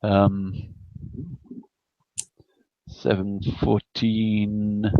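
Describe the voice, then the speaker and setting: Slow, hesitant male player, dry and dull lo-fi mic. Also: on the low side, monotone, no room sound. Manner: hesitant, halting with many ums. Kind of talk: tabletop game play.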